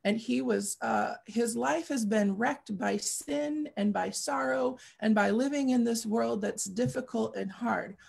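A woman's voice: fairly high pitch, unhurried, vocal fry, hardly any pauses, darkish tone, slightly rough. A woman sharing a personal testimony in an earnest, repetitive preaching style, building to fervent pleading. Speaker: guest speaker.

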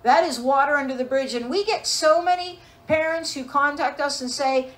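A woman preaching a sermon with a high, bright-pitched voice. She delivers it emphatically, with pointed rhetorical questions to her listeners. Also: moderate pace, few pauses, poor audio. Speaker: pastor.

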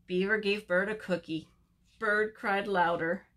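A woman librarian leading a virtual story time, reading a picture book aloud and chatting to young children in an animated way. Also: mid-range voice. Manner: animated, slow, talks to children.

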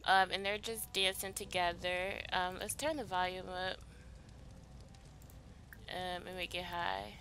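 A woman hosting a life-sim gameplay video, chatting casually and gushing excitedly to her viewers. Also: lowish voice, measured pace, long pauses. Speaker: let's play host. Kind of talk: casual gaming commentary.

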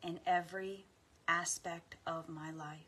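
A woman guiding a tapping meditation, speaking affirmations slowly and softly with deep sighs between them. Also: little pitch movement, breathy edge. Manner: slow, soft and soothing, with frequent deep sighs. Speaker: guided tapping practice leader.

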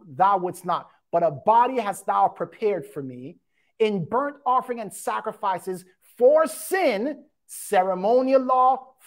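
A woman preaching a sermon, reading scripture aloud and explaining it, with frequent emphatic asides. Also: fairly high pitch. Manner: emphatic, repeats "watch this".

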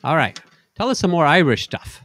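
A man's voice: on the high side, big pitch swings, moderate pace, a bit bright, no room sound. A man hosting an online show over a video call, chatting loosely and cueing his guest. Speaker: show host.

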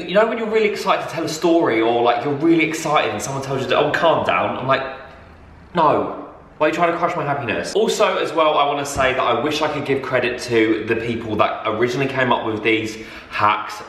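A young man vlogging a DIY project, loud, excitable and over the top. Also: mid-range voice, roomy sound. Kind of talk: chatty DIY vlog.

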